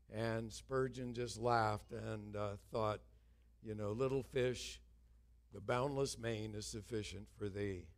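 An older man, a longtime pastor, preaching an earnest sermon with humorous asides. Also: medium pitch.

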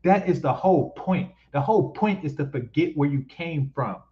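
Guy going off on a rant, mocky, says stuff twice, kinda high voice. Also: moderate pace, dull audio. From East Oakland, California. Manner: blunt, mocking, repeats himself for emphasis. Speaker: commentary host reacting to clips. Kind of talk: ranting reaction commentary.

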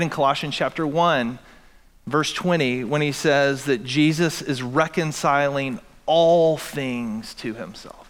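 A male pastor delivers an emphatic sermon, stacking phrase on phrase as he builds. His voice sits a little high for a man. Long reverb from the church hall trails behind every line. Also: a bit bright. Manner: emphatic preaching with building repetition. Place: church sanctuary.

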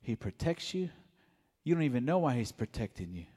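A man giving a mellow, soft-spoken personal testimony at church. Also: mid-range voice, big pitch swings, fairly quick, husky, big-room sound. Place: church sanctuary.

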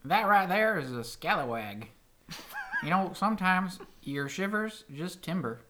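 A man voicing a pirate who talks in a slow cowboy drawl, playfully, in a casual chat. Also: high-pitched, animated, background noise.

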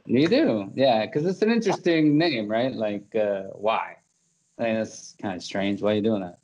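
A man's voice: on the low side, expressive, normal speed, darkish tone, highs cut off. A man hosting a podcast in casual chat, rambling, laughing often and full of fillers and restarts. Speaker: podcast host.

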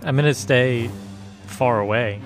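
A man playing a tabletop game, speaking haltingly with laughing asides. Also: mid-range voice, music in the background. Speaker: player. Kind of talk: tabletop role-play.

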